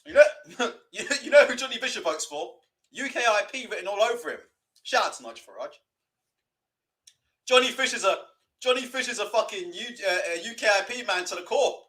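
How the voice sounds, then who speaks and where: Young man, casual stream host, sweary and mocking, high, lively voice. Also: fairly quick. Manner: sweary, mocking, laughs a lot. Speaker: livestream host. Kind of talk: casual live boxing watch-along commentary.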